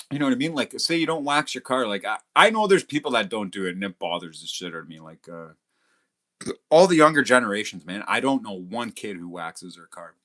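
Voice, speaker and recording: A man's voice: medium pitch, sharp tone. A middle-aged man hosting a livestream, chatting casually, reading comments aloud, and swearing constantly as he boasts and rants. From Canada. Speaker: livestream host.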